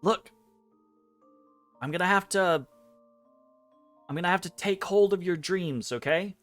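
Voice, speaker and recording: A man voicing a tense, blunt dream guide who talks quickly and sounds edgy. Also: sits high, a bit bright, dry recording, faint music behind, pitched above the performer's own voice. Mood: impatient. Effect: meant to sound muffled.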